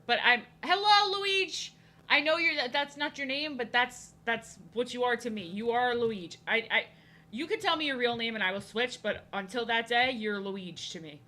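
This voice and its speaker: In a pushed, bright voice on the high side, a young art streamer rambles playfully while drawing live, greeting viewers. She often stumbles and restarts what she's saying.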